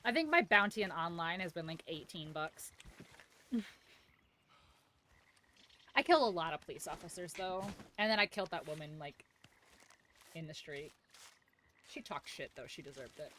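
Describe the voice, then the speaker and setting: A woman's voice: lowish voice, expressive, normal speed, pauses often, sharp tone, a little hiss or hum. A young woman streaming a game, joking, swearing and laughing as she plays. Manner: profane, joking, laughs often. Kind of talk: live gameplay commentary.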